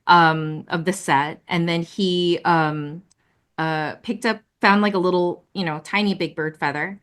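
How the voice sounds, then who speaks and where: A woman puppeteer, a guest on a video-call interview, telling lively stories with lots of laughter and fillers. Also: on the low side, measured pace, clean tone. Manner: animated, laughing, many fillers. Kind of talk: casual interview storytelling.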